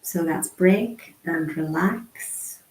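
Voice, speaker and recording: A woman voicing a casual online sign language lesson, chatty and unhurried, with frequent ums. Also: on the low side, darkish tone. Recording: echoey room.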